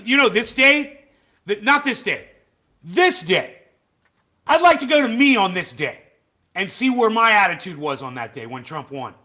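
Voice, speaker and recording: A man with a high, bright, cutting voice rants through a livestream, swearing and hurling insults at the clips he reacts to. His talk lurches between muttered asides and sudden yells. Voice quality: profane, angry, shouting insults. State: has facial palsy flare-up. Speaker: livestream host. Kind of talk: ranting live commentary.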